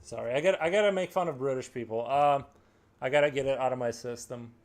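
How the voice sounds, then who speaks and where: A man's voice: mid-range voice, fast talker. An American man with a standard accent, chatting casually and joking while he draws during a live stream. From United States. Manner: rambling, joking, reading chat aloud. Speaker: livestream artist.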